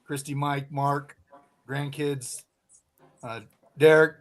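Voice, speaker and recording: A former college football player on a video call, giving soft-spoken farewell remarks. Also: male voice, on the high side, fairly even intonation, takes it slowly.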